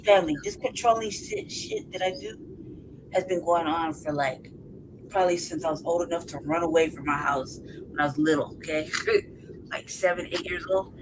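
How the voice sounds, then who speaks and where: Over background noise, a city-raised woman tells a story as a podcast co-host, casual and profane, laughing frequently and animatedly performing people's voices. Her voice is lowish and her speed normal.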